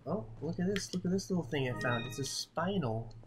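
A man's voice: fairly high pitch, expressive, a little fast, over music. A man hosting a Let's Play, giving casual, jokey, self-mocking commentary while he plays.

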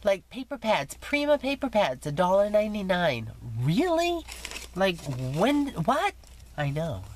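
Chatty low-voiced woman with lively pitch. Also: moderate pace, a little hiss or hum. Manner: chatty, self-teasing, gushing. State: recovering from illness, coughing. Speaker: scrapbooking vlogger. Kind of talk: casual chat showing mail.

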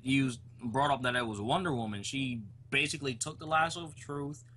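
Male co-host, relaxed film chat, mid-pitched voice, adds quick details. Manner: chiming in with short plot details. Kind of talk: casual film review chat.

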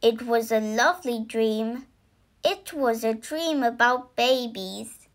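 A woman reading a children's picture book aloud, slow and expressive, lifting into little voices for the characters. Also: on the high side. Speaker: storybook reader.

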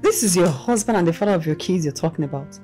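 A woman's voice: low voice, sing-song, a little slow, warm tone, faint music behind. An actress playing a concerned, probing female friend. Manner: probing, incredulous.

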